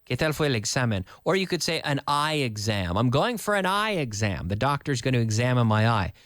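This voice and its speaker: A man running a live online English lesson, his pitch swinging widely as he explains words. He repeats example sentences, adds quick Spanish glosses and reads out viewers' questions to answer them. The sound is dry and close. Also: sing-song, a bit bright, dry recording. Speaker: English teacher.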